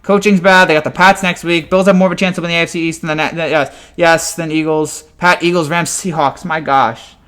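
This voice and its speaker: A man delivers a fan reaction rant in a voice pitched well above most men's. He sounds exasperated throughout and keeps tripping over his words, restarting sentences as he vents. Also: steady tone, fairly quick, fairly bright tone, clear, resonant tone. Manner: exasperated and ranting, with frequent stammered restarts. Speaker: sports fan commentator.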